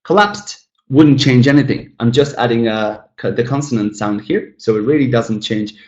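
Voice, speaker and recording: In a reverberant, lo-fi recording, a man with a medium-pitched, slightly mellow voice leads an English webinar lesson. He drills every example word twice at a slow, careful pace and chats with the learners, addressing them as guys.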